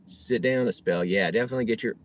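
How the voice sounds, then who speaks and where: Rideshare driver streaming from his car, casual and chatty, reads chat aloud; lowish voice, clear car noise behind. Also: fast talker. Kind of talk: casual livestream chat while driving.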